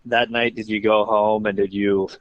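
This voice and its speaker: A man bantering on a casual show, joking and cutting in with quick questions. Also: on the low side, little pitch movement, no room sound, muffled recording.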